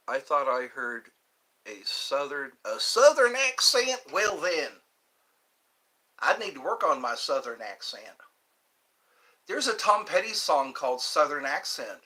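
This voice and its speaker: On a casual livestream, a middle-aged man from Georgia, US Deep South, talks in a mid-range voice that sounds pushed and bright. As host, he reminisces at rambling length and replies to his chat's viewers.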